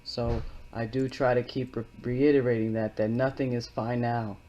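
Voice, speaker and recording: Speaking at a moderate pace with little pitch movement, the man has a warm, medium-pitched voice, and the highs are cut off. As host of his own channel, he gives rambling, sincere commentary between scripture readings in his wood-walled living room, repeating words as he explains.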